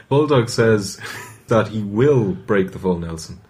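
Low-voiced man with lively swings. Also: slow, faint music behind. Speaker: podcast co-host. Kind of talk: casual wrestling review chat.

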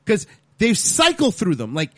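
A man co-hosting a podcast, chatting casually in an animated, jokey, profane way. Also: high voice, a little slow, no echo. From Hispanic background. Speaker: podcast co-host. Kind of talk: casual chat.

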